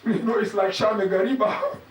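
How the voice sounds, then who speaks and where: A man's voice: sits high, steady tone, a little fast. A man, a sheikh giving a mournful Muharram sermon, reciting with emotion and sometimes crying out. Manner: emotional recital, breaking into raised cries. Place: mosque hall. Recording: echoey hall from far off, faint noise.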